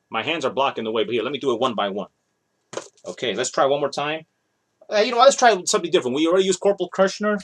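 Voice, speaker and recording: A toy collector vlogger in his thirties, with a slightly high, fairly bright voice, does a rambling show-and-tell of his toys. He's chatty and often corrects himself partway through sentences.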